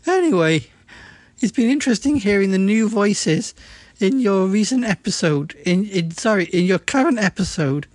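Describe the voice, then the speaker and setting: A man's voice: high-pitched, dry recording, heavily acted. A man doing a dithering theatrical actor. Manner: halting, full of ums, theatrical. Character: flamboyant, hesitant male voice actor. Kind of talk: comedy character monologue.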